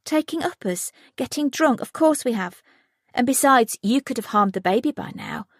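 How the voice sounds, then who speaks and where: A woman's voice: high-pitched, lively intonation, normal speed, dry recording, studio quality, pitched above the performer's own voice. A bossy, pushy teenage girl, as a woman reads her. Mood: insistent. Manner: insistent, persuasive.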